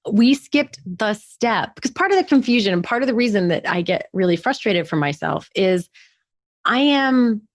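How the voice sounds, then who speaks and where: A woman's voice: mid-range voice, big pitch swings, normal speed, no room sound, studio quality. A woman co-hosting a podcast, telling a story in casual chat with lots of filler words. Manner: chatty storytelling with many "like" fillers. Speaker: podcast co-host.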